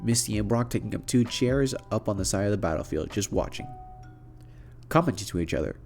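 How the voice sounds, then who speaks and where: A man's voice: lowish voice, expressive, a little fast, gravelly, a little mellow, soft background music. A man casually narrating a fan-made story, chatty and speaking directly to his listeners.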